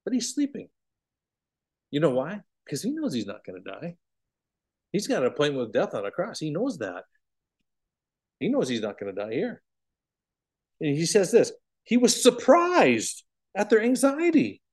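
A man teaching a bible study in an animated, emphatic way, swinging between loud declarations and hushed asides. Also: on the high side, normal speed, pauses often.

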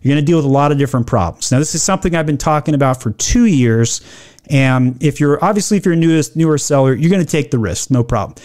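Blunt, sarcastic man with a slightly high voice. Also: lively intonation, darkish tone. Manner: reads quoted policy text slowly, then riffs. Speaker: e-commerce commentator. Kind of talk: opinionated business commentary.

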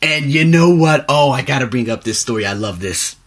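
A young man giving a rambling, motivational vlog monologue in a casual, animated way. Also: a little fast. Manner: animated, rambling, pitch jumping up for emphasis. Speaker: vlogger and teacher.

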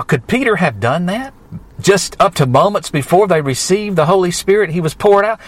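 A male preacher, delivering a fervent sermon that builds with rising emphasis and drawn-out words. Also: sits high, fairly bright tone.

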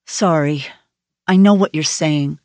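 A woman's voice: low-pitched, takes it slowly, darkish tone, no echo. Woman voicing tough FBI agent, clipped, blunt, audiobook, dry close sound. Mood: brusque. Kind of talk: audiobook character voice.

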